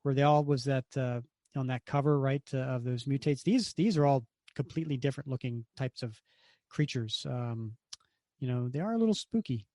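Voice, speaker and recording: A man's voice: mid-range voice, animated, moderate pace, warm tone, no room sound, studio quality. A man co-hosting a podcast, casually reviewing a comic with rambling asides. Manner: rambling, with fillers and restarts. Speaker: podcast co-host.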